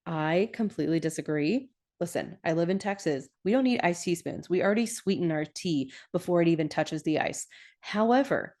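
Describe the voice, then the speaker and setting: Woman host with a lowish voice, chatty recap, self-correcting. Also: darkish tone. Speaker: podcast host. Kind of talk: casual episode recap.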